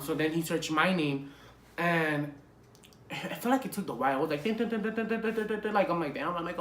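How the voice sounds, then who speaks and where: Young male vlogger, casual and profane story time, sharp bright tone, roomy echo. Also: a little high, slight background noise. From Los Angeles area.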